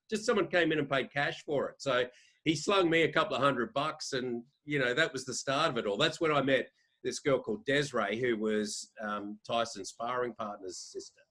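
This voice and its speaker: A man's voice: mid-range voice, a bit bright. Rambling Australian man in his fifties. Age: 50s. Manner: rambling anecdotal, frequent restarts. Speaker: podcast guest, sports editor. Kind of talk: casual interview storytelling.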